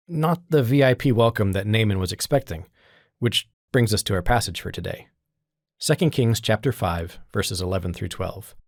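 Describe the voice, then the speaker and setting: A man's voice: mid-range voice, no room sound, clean studio sound. A man hosting a short devotional podcast, telling a Bible story in an emphatic, conversational way. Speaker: podcast host. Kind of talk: scripted devotional narration.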